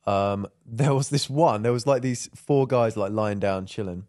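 Low-voiced young man, rambling. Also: measured pace, darkish tone. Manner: rambling, many fillers, laughs often. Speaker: podcast co-host. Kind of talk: casual chat.

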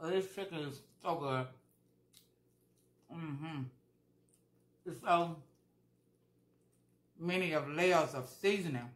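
A woman's voice: deep voice, takes it slowly, pauses often, reverberant. A woman vlogger talking casually while she eats, chatty and repeating herself for emphasis. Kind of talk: casual mukbang chat.

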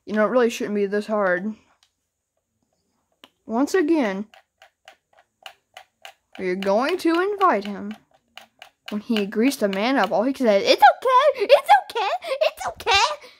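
A woman's voice: mid-range voice, animated, slow pace, pauses often, a little hiss or hum. A woman YouTuber arguing and taunting in a game voice chat, exasperated and argumentative. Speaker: gaming YouTuber.

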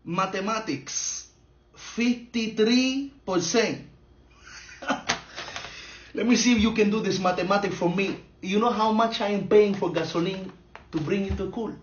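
A man's voice: sits high, normal speed, muffled recording, slight background noise, close to an everyday voice. A man playing a blunt Spanish-accented dad. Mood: scolding. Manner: broken English, sarcastic scolding, chuckling asides. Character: blunt, hot-tempered Latino immigrant dad. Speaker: comedy sketch creator. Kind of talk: comedic skit acting.

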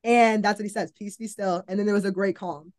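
This young woman, a college volleyball player appearing on a podcast, speaks quickly with medium pitch and fairly even intonation. Earnest and informal, she tells her faith story, frequently saying "like" and dramatizing her own earlier thoughts.

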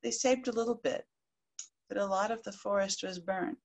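A woman storyteller narrating a folk tale aloud in a lively, expressive way. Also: medium pitch, moderate pace. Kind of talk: live oral storytelling.

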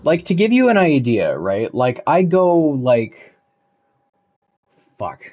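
A man's voice: fairly high pitch, wildly swooping pitch, moderate pace, muffled recording, soft background music. A man chatting casually with viewers while he plays a game on a live stream, loose and joking, swearing freely.

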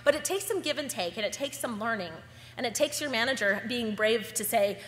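A woman agency owner giving a lively conference talk, acting out the dialogue she quotes. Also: medium pitch, fairly quick. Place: conference hall. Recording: echoey hall with faint hum.

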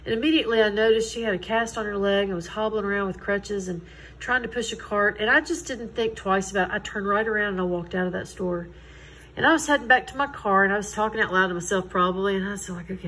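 A woman's voice: mid-range voice, quick pace, a bit bright, slight background noise, poor audio. A middle-aged woman, telling her personal faith story in an earnest, conversational way. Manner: earnest, conversational, quotes others in dialogue. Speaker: Christian testimony speaker.

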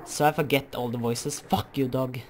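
A woman's voice: extremely low pitch, fairly even intonation, normal speed. A woman casually commenting on her video game play, swearing and apologizing for herself. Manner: sweary and self-deprecating. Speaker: let's play gamer.

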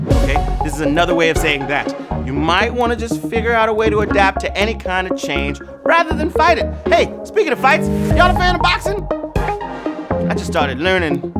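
Hyped, high, sing-song game show man. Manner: playful, hyped, sing-song with teasing rhymes; calls players "babies". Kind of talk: live trivia game show hosting. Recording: music bed playing under the voice.

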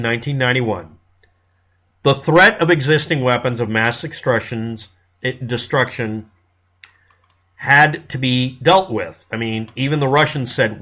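A man's voice: medium pitch, sharp tone. A man from the United States giving a casual monologue commentary in a blunt, sarcastic manner, with frequent profanity.

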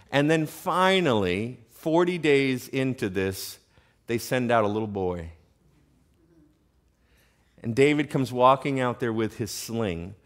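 A man preaching a sermon in a church, talking conversationally and often checking in with the congregation with questions. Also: fairly low pitch. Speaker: pastor. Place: church sanctuary.

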